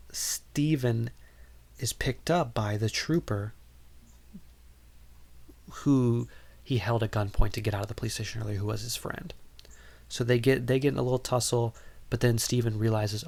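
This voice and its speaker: A man's voice: mid-range voice, steady tone, moderate pace, gravelly, long pauses, a little mellow. A man hosting a podcast, recapping a film in a casual, rambling way with lots of ums and wry asides. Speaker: podcast host.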